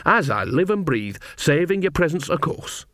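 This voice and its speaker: A man's voice: on the high side, very animated, normal speed, fairly bright tone, no room sound, clean studio sound, voice pushed up. A man voicing a cheerful, earthy old witch woman who chats and teases. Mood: wry. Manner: bawdy, chatty and teasing.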